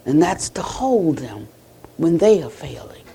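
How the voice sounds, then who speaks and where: An American woman Buddhist teacher giving a conversational dharma talk at a retreat center, retelling conversations and closing with a soft blessing. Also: low voice, big pitch swings, unhurried, a little hiss or hum.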